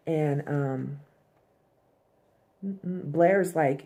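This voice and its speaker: A woman's voice: sits low, extremely slow, vocal fry, pauses often, dark tone. A woman giving a casual, profane recap of a TV episode, full of "um" and "like". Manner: loose and profane, heavy "um" and "like".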